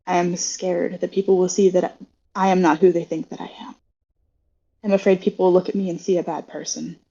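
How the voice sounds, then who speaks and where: A woman voicing a sincere, protective young hero in a tabletop game, speaking slowly and earnestly. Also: fairly low pitch, flat delivery, vocal fry, warm tone, dull audio. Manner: slow, earnest confession.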